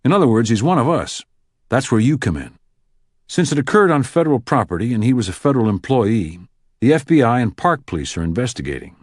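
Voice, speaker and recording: A man voicing a gruff, sarcastic FBI supervisor in an audiobook, brisk and clipped. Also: mid-range voice, sing-song, no room sound, clean studio sound, pitched above the performer's own voice. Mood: sardonic. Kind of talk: audiobook character voice.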